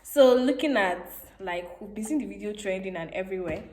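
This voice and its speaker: A young woman from Nigeria chats casually, laughing often as she talks. Her voice sits at a middle pitch. The room around her is echoey. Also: lively intonation, a little fast, a little mellow. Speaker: vlogger host. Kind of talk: casual chat.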